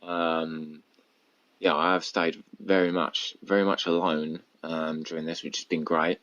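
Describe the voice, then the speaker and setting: A man talks through a casual solo podcast, rambling and candid and swearing nearly every line. His voice sits on the low side. The recording is muffled and lo-fi. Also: level tone, unhurried, fairly bright tone. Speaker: podcast host. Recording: dull lo-fi recording.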